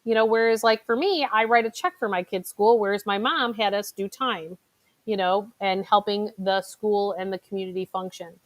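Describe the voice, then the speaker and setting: A middle-aged woman from Chicago gives a motivational talk about money and mixes in chatty personal stories with plenty of fillers and asides. Her voice sits at a mid pitch and sounds close and dry, with no room echo. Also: steady tone, moderate pace. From Chicago, United States. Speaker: financial advisor.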